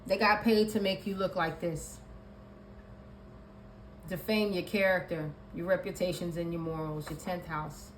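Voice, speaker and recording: A woman's voice: lowish voice, fairly even intonation, unhurried. Woman doing a tarot reading, pushy repetitive delivery, echoey room with a bit of hiss. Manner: emphatic and repetitive, listing card meanings. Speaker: tarot reader. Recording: echoey room with faint ambient noise.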